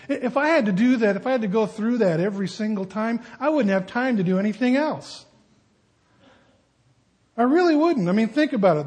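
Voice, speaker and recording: Male pastor with a high-pitched, husky voice, conversational sermon style with jokes. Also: moderate pace, long pauses, a little mellow. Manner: conversational, joking asides.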